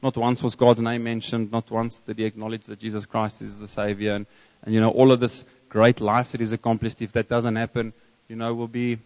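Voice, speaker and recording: A man with a South African accent preaching a sermon, telling a story in a reflective way with pauses and restarts. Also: lowish voice, flat delivery, a little mellow. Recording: long hall reverb, dull lo-fi sound.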